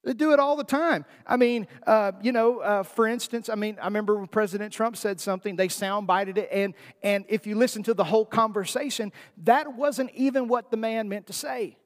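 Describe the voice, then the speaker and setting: A man preaching a sermon in a folksy, emphatic way, asking his listeners rhetorical questions. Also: high voice. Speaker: pastor. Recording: long hall reverb.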